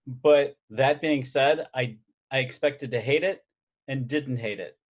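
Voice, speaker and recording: A man's voice: medium pitch, unhurried. A man hosting a casual podcast chat, telling rambling stories with jokes. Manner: rambling, joking storyteller. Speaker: podcast host and editor.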